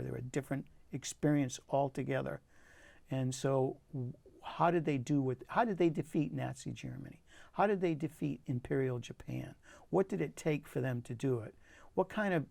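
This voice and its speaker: Older male poet guest, earnest storyteller, gravelly voice, dry close sound. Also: medium pitch, dry recording. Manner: earnest, reflective, with frequent restarts and soft asides. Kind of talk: personal storytelling in an interview. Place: community TV studio.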